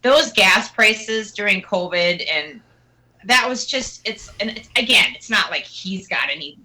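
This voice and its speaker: A woman guest on a radio interview, talking in a casual, animated and mocking way with quick asides. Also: medium pitch, poor audio. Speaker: guest singer.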